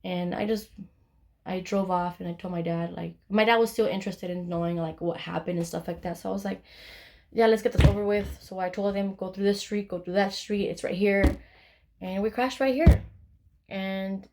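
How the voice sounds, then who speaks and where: A woman's voice: medium pitch, fairly even intonation, moderate pace, background noise. Candid young woman telling a storytime. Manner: candid, swears freely, acts out her own quotes. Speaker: vlogger. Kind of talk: casual storytime.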